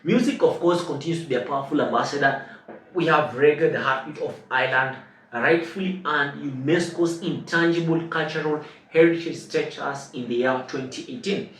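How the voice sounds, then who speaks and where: A man from Kenya hosting a reaction video, breaking clips down in a measured, explanatory way. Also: fairly high pitch, a bit bright. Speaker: reaction channel host. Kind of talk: reaction commentary. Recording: echoey room, mic at a distance, faint hiss.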